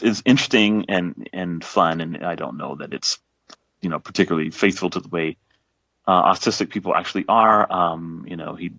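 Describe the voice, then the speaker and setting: Low-voiced man talking, rambling and frank. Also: gravelly, fairly bright tone, dry recording, highs cut off. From south Texas. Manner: rambling, full of fillers and restarts. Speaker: guest author. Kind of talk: casual podcast conversation.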